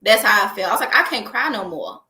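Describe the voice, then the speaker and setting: A young woman, a guest, chatting in an interview with an animated storytelling manner. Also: medium pitch, quick pace, echoey room. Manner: animated storyteller, laughs often. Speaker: guest, entrepreneur. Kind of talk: casual interview chat.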